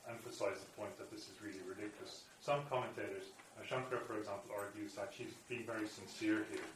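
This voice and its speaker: A man lectures to a class, reading passages aloud and then working through them with frequent pauses and fillers. His voice sits a little low. The recording is roomy and picked up from across the room, with faint ambience behind him. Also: steady tone, a little hiss or hum. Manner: hesitant, many fillers and restarts while explaining. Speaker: teacher. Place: room with students present. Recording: echoey room, voice far from mic, faint ambience.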